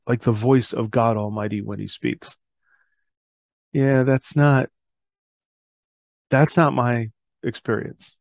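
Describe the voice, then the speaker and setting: A middle-aged podcast host talks earnestly about fatherhood and faith, reading scripture aloud and correcting himself as he goes. His mid-range, darkish voice is slow and fairly even, with vocal fry and frequent pauses, recorded with no room sound in this reflective faith talk.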